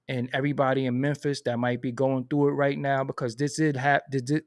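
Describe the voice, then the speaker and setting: Dude ranting on his stream, aave, goes from low mumbles to squeaky high, dry close mic. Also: no echo. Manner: animated venting, swings from low mutters to high outbursts. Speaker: commentary channel host. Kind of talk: casual livestream commentary.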